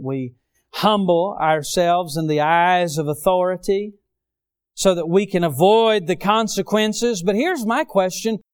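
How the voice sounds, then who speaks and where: Middle-aged male preacher, fairly high, smooth and clear voice, dynamic sermon delivery. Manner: preaching with dramatic rises and drops in volume.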